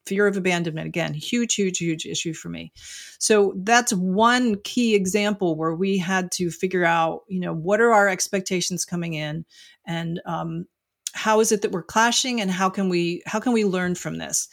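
A woman's voice: fairly low pitch, moderate pace, vocal fry. A middle-aged woman, an author and marriage coach, talking frankly and reflectively as an interview guest, often saying "you know" and "like". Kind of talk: candid interview conversation.

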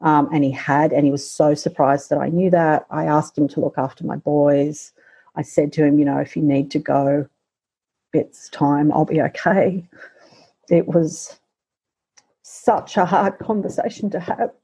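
Her voice somewhat low and husky, a middle-aged woman shares something personal as an interview guest. The tone is mellow and soft-edged with fairly even intonation, and she speaks reflectively and haltingly, often pausing and starting over.

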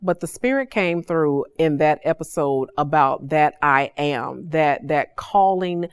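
A woman hosting a faith-based podcast, telling stories in an animated, preacherly way. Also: deep voice, measured pace, clear, resonant tone, dry recording. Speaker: podcast host.

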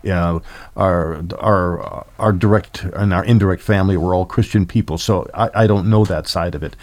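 Older pastor with a deep voice. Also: male voice, moderate pace, darkish tone. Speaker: pastor and host. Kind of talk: casual interview chat.

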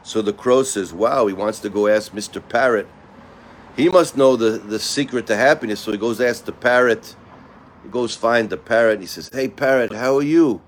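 A man telling a fable in a loose, relaxed way, repeating words as he goes. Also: fairly low pitch, moderate pace, a little hiss or hum. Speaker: storyteller. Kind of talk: casual spoken fable.

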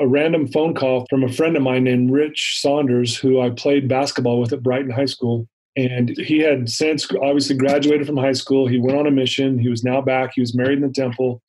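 A man recounting a personal story in an interview, animated and acting out the dialogue. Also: medium pitch, low-quality recording. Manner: animated retelling with acted-out dialogue. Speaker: interview guest.

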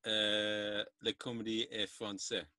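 A man hosting a podcast, speaking haltingly and searching for words in a casual interview. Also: lowish voice, monotone, sharp tone. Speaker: podcast host.

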